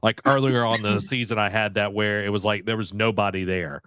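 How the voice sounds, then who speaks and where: A man's voice: on the low side, steady tone, a little fast, pushed and bright, clean tone. A man co-hosting a podcast, chatting casually about video games and rambling with many fillers and restarts. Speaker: podcast co-host.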